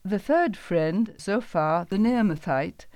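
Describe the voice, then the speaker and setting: Woman, narrator, scripted Bible story reading, measured and even, mid-pitched voice. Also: no echo.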